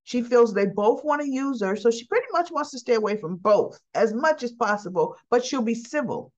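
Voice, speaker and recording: A woman with a fairly high voice retells soap opera scenes in a casual, chatty way. She acts out the characters' lines as she goes. The recording sounds dull and lo-fi. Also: lively intonation, normal speed, a little mellow. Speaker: soap opera recap host.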